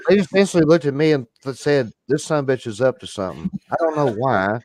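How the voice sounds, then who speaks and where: A man's voice: mid-range voice, fast talker, darkish tone, no room sound. A man joining the casual chat with friendly, wry banter.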